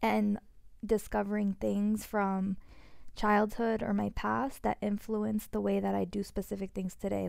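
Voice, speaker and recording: A woman's voice: medium pitch, gravelly, mellow, no echo, clean studio sound. A woman on a podcast, sharing reflectively and vulnerably with many "like" fillers. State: voice shaking with emotion. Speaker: podcast co-host.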